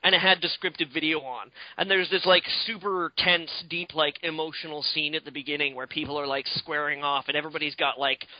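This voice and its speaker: A man's voice: fairly high pitch, fairly even intonation, fairly quick, hardly any pauses, no echo, highs cut off. A man co-hosting a podcast in casual chat, rambling and swearing freely with lots of fillers. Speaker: podcast co-host.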